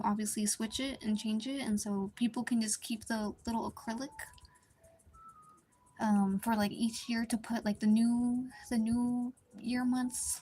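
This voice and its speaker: A young woman chatting casually on a live art stream, talking quietly and rambling with many likes and restarts. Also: a little hiss or hum. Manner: speaks quietly at low volume, partly whispering. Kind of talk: casual live-stream chat while drawing.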